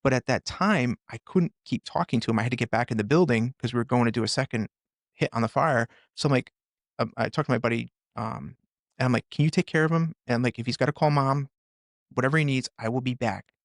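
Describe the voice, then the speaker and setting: An earnest middle-aged man tells his story in a gravelly voice, stopping and starting as he goes. He sits close to the mic, with a dry sound. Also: mid-range voice, dry recording. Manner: earnest, halting, with many restarts. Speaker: podcast guest, firefighter and author. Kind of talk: storytelling in a conversation.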